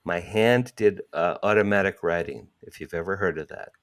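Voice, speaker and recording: A man, telling a personal story as an interview guest, acting out quotes with sudden jumps in pitch. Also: normal speed.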